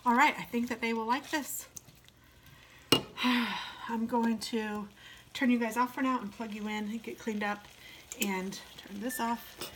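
A woman talking to her viewers while she cooks in her home kitchen, chatty and relaxed. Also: a little high, unhurried, pauses often. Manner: chatty, talks to viewers while cooking, hums. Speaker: cooking vlogger. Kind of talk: casual cooking vlog narration. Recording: loud kitchen noise behind.

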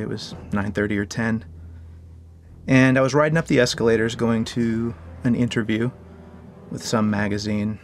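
A man who works as a game developer, telling a funny anecdote in an interview as a lively, joking storyteller. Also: mid-range voice, creaky, slight background noise.

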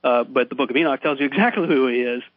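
A man's voice: medium pitch, fast, no room sound. A man talking animatedly as a guest on a radio call-in show. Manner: animated, restarts and laughs often. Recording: muffled dry radio broadcast.

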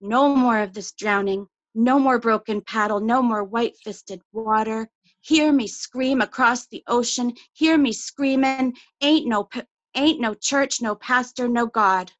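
A woman giving a measured, intimate poetry reading over a video call, her phrases trailing off quietly. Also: on the high side, no echo, lo-fi sound. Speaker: poet.

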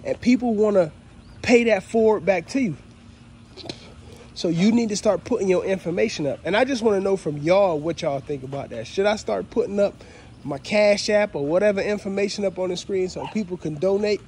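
A man's voice: sits high, fairly quick, darkish tone, slight background noise. A man, talking casually and heartfelt to his viewers on a phone outdoors at his dog kennels. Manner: heartfelt, repetitive, addresses viewers as fam. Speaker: dog breeder vlogger. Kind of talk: casual thank-you vlog. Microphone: phone held while walking outdoors.

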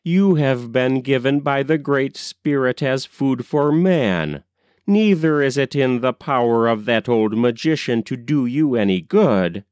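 A man's voice: mid-range voice, lively intonation, unhurried, a little mellow, smooth, no echo, lightly acted. A man reading aloud and voicing a brave young male hero who speaks in a defiant, commanding way, in a dry recording. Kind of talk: audiobook character reading.

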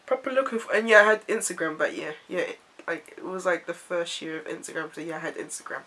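A young woman, from an Ivorian family, telling a story to camera in a chatty, animated way full of "like"s. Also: fairly low pitch, fast. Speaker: vlogger.

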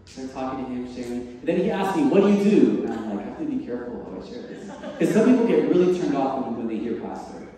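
Lively pastor in an echoey church. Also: male voice, mid-range voice, fast talker, few pauses. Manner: animated, acts out dialogue, laughs often. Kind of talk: sermon with personal story. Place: church sanctuary. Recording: distant mic in a large echoey hall.

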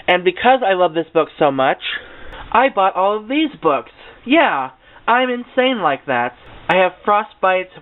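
A man's voice: fairly high pitch, clean tone. Gushing young man in a tinny recording. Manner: chatty and gushing, with self-mocking asides. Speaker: book vlogger. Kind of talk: casual chat. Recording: tinny lo-fi webcam audio.

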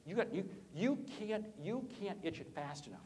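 Sales keynote guy, kinda high voice, super animated, voice jumps all over, ribbing the crowd. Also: normal speed, slight background noise. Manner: animated, swoops pitch up and down, jokes with audience. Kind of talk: energetic conference talk. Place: conference hall.

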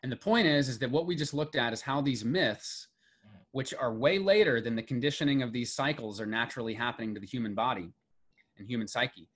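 A man's voice: mid-range voice, fairly quick, fairly bright tone. A middle-aged man giving a classroom lecture on myth and story, building emphasis on key lists. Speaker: mythology lecturer.

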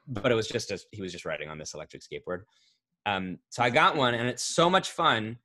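Man in his thirties, casual interview chat, rambling, self-correcting, lively storyteller. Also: lowish voice, fast. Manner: rambling, self-correcting, animated when telling stories. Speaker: voice actor guest. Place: home recording setup, remote interview.

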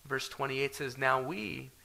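A man's voice: mid-range voice, measured pace, creaky, bright, forceful tone, rough recording. A man pastor preaching a sermon in an earnest way, building to urgent questions.

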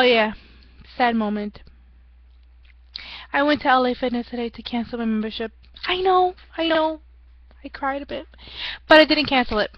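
Chatty young woman vlogging, higher voice. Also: no echo, highs cut off. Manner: chatty, rambling, laughs at herself. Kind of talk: casual weight-loss vlog update.

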